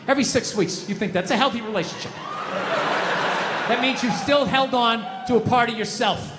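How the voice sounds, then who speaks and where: A male stand-up comic with a high voice, telling a confessional, profane story. It is recorded in a live venue with a long reverb tail and clear background noise behind him. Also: a little fast. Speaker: stand-up comedian. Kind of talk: stand-up routine.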